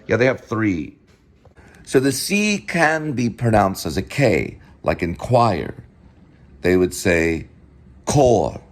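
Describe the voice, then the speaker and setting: A man hosts a casual home video in a low voice, talking slowly and deliberately. His pitch swings widely as he lectures, repeating the same words again and again. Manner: repetitive, lecturing, drills words over and over. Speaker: show host.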